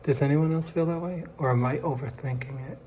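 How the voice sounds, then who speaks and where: A middle-aged man installing wallpaper, chatting casually and dropping into hushed asides as he works. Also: a little high, fairly even intonation, fairly quick, a little hiss or hum. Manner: chatty, drifts into hushed asides while working. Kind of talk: casual how-to chat while working. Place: room being wallpapered.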